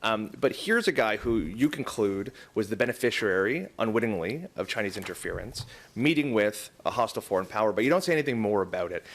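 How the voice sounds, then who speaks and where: A male reporter at a news conference presses the speaker with pointed follow-up questions. His voice sits fairly low. He asks in a direct, probing way. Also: animated, brisk, a bit bright.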